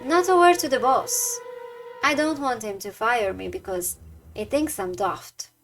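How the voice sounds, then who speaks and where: A woman voicing a jittery, gruff working-class male house guard in a game, with rough slangy delivery. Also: a little high, unhurried, fairly bright tone, soft background music. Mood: nervous.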